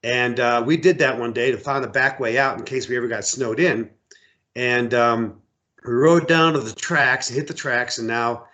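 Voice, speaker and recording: This medium-pitched, middle-aged American man works as an outfitter and hunting guide and tells animated stories in a casual interview, repeating words as he acts out different voices.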